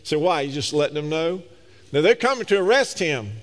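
A man's voice: fairly high pitch, lively intonation, brisk, big-room sound. A man preaching a sermon, emphatic and speaking straight to his listeners. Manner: emphatic, addresses the congregation directly.

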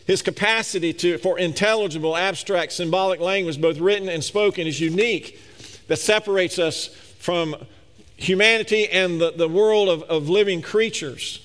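A man's voice: high voice, normal speed, a bit bright, long reverb tail. A man preaching a sermon, emphatic and speaking straight to his listeners. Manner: emphatic, addresses the congregation directly.

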